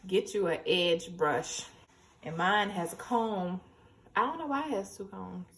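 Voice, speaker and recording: A woman's voice: lowish voice, measured pace, a little hiss or hum. A young woman chatting casually through a hair tutorial at home, nervous and a little tipsy, rambling and giggly, recorded on a camera mic. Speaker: hair vlogger.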